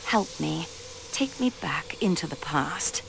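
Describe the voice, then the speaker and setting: The player's investigator in an adventure game, a railway clerk who questions suspects politely but pointedly. Her mid-pitched voice is very lively in its melody, and a faint hiss sits under it. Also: takes it slowly, vocal fry, exaggerated voice. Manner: polite, probing, with French courtesies. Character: young woman railway clerk acting as detective. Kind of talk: voice acting in a video game.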